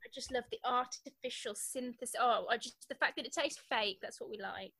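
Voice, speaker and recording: Bright-voiced sarcastic woman in her twenties. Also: on the high side, fairly quick. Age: 20s. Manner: dry, teasing, sarcastic asides. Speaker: podcast co-host. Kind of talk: casual chat.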